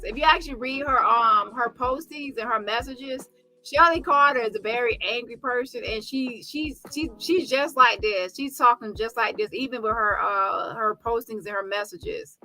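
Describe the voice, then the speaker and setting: A woman comments on clips for her channel in a very bright, somewhat high voice. She leans hard on single words and drags them out for emphasis. Faint music plays underneath. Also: low-quality recording. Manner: emphatic, drawn-out stresses.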